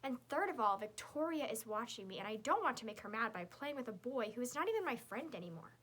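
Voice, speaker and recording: A woman reads a children's chapter book aloud in the first person, telling it as the young girl herself. Her tone is bright and clear, sitting a little above the usual pitch, and her delivery stays lively and girlish. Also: fast. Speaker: audiobook narrator.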